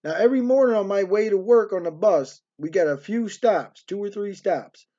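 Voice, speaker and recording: A middle-aged man with a fairly high voice spins a rambling, streetwise story in a hotel room. He keeps tossing in "man" and "right". The recording is dull and lo-fi. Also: normal speed, warm tone. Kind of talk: casual storytelling monologue.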